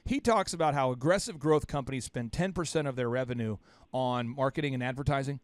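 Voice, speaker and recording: A man hosting a business podcast, animated and teasing, often cutting in with questions. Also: mid-range voice, brisk, no echo. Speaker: podcast host. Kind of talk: casual business podcast chat.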